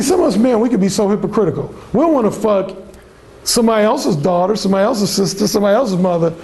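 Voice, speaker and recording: A high-voiced man speaks to a seminar audience, his tone blunt and emphatic. His voice has a gravelly, fried edge, and a faint hiss sits underneath. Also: darkish tone. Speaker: workshop speaker. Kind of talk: seminar presentation. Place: conference room.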